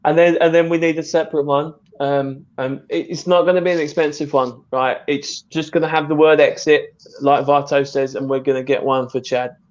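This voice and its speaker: A man's voice: a little high, flat delivery, moderate pace, few pauses. A man co-hosting a live stream in casual chat, teasing and laughing often. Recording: dull lo-fi audio.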